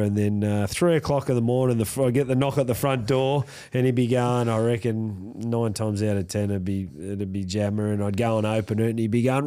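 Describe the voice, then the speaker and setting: Man, middle-aged, low voice, podcast guest, casual rambling stories, relaxed. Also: fairly quick, few pauses, clean tone. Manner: relaxed, rambling anecdotes with many restarts. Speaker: rugby league coach as podcast guest. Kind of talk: casual interview storytelling.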